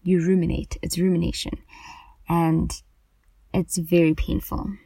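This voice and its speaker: A woman's voice: fairly low pitch, flat delivery, a little slow, vocal fry, warm tone, no room sound. A woman podcast host speaking earnestly and emphatically about anxiety in a personal monologue, often repeating herself for stress.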